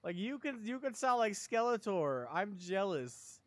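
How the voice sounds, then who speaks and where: A young man rambles through a casual live stream, excitable and quick to laugh. He sounds sleepy, and his voice sits a little high for a man.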